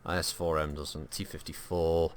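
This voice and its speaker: A man's voice: rumbling low, little pitch movement, moderate pace, slight background noise. A man giving live, joking gameplay commentary as a streamer, rambling, swearing and answering his chat. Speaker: gaming streamer.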